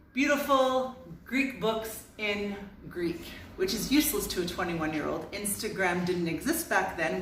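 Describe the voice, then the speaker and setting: A woman in her thirties from Canada telling a comic personal story, animated and self-mocking, with dramatic pauses. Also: fairly low pitch, a little hiss or hum. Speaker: vlogger. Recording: roomy sound from a distance.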